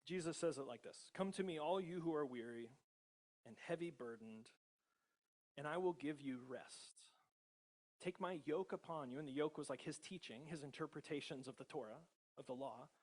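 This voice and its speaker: At normal speed, the male pastor talks in a fairly high, slightly mellow voice with an American accent. His sermon is casual and conversational, full of laughter and tag questions aimed at the congregation.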